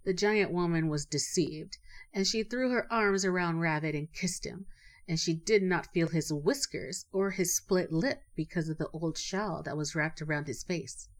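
A woman with a fairly low voice narrating a folk tale. She reads in a measured, expressive storybook manner.

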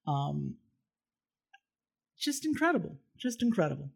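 A man's voice: on the high side, sing-song, measured pace, creaky, breathy edge. A man co-hosting a film podcast, chatting casually and enthusiastically, rambling with restarts. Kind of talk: casual film review chat.

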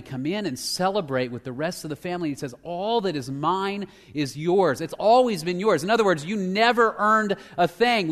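A male pastor preaching a sermon, shifting between emphatic, loud passages and hushed, near-whispered lines. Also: high voice. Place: church sanctuary. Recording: long hall reverb.

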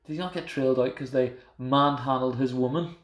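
A man's voice: medium pitch, brisk. Laid-back man in an echoey room. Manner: rambling, laid-back, hesitant. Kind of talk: casual banter. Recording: roomy echo.

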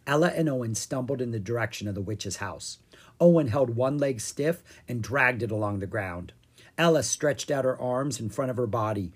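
An animated reader telling a children's story, the pitch rising and falling a lot. The voice has a soft husky grain and an average middle pitch. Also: normal speed. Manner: animated, expressive. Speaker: audiobook reader. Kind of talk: storybook narration.

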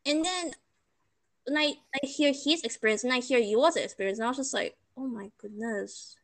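A young Malaysian woman chats casually, telling stories punctuated by laughter and sarcastic asides. Her voice sits high, with lively intonation and a fairly quick pace.

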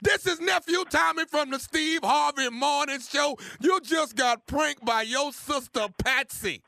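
A man who is a radio comedian, running a prank call and joking on air in a loud, playful, animated way. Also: extremely high pitch, a little slow, gravelly, no room sound, faint music behind. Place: radio studio.

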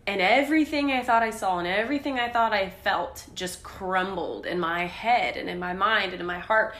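Bright, candid young woman in an echoey room. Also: mid-range voice. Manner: candid, animated storytelling with laughs. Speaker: podcast co-host. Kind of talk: casual faith podcast chat.

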